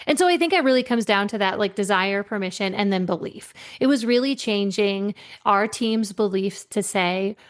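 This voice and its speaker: A middle-aged woman coaching on leadership tells her stories with energy, slipping into the voices of the people she quotes. Her voice sits at an ordinary middle pitch. She talks like a podcast guest in easy conversation. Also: moderate pace, few pauses. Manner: animated storyteller, acts out quoted voices. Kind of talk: storytelling in a podcast interview.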